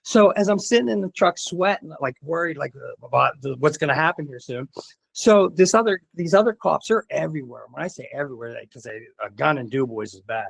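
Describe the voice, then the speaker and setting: A man telling a wild story in casual chat, excitable and profane. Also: a little high, a little fast, vocal fry, slightly rough. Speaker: podcast guest.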